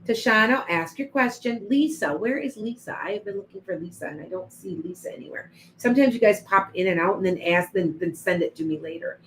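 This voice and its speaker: Livestream psychic host, woman, casual chatty delivery, mid pitch, faint background hum. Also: fairly quick, poor audio. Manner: chatty, addresses viewers by name, frequent restarts. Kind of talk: live-stream reading and chat.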